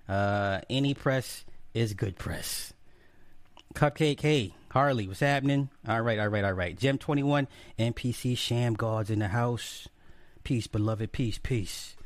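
A man's voice: mid-range voice, dry recording. Casual, profane man streaming live. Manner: profane, joking, greets viewers by name one after another. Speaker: livestream host. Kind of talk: casual livestream chat.

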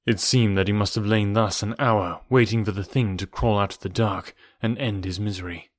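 Low-voiced male audiobook narrator. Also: steady tone, normal speed, no echo, studio quality.

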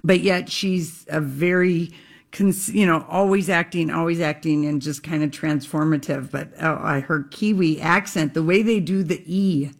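A woman's voice: low-pitched, steady tone, normal speed. A woman hosting a radio show, chatting and gossiping about entertainment news. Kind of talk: casual chat.

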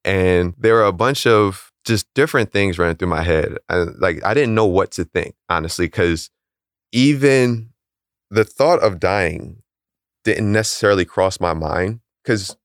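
A young man calmly and plainly recounting a personal story in a casual interview. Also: low-pitched, unhurried, no echo, clean studio sound. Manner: calm, matter-of-fact, chuckles at odd details.

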